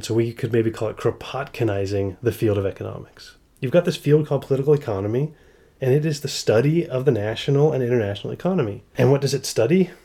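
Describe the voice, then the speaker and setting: A man hosts a podcast with a relaxed, mellow tone, reading long passages aloud and then breaking off into wry, sarcastic jokes. His pitch sits at an ordinary middle level for a man. He moves between steady reading and playful commentary. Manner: sarcastic, jokey, wry asides. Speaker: podcast host. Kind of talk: podcast monologue with read-aloud quotations.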